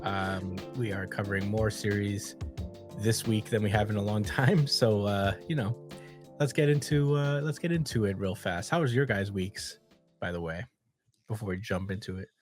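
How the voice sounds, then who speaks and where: A man's voice: on the low side, normal speed, faint music behind. A man hosting a podcast in casual chat, retelling scenes with easy laughs. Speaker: podcast host.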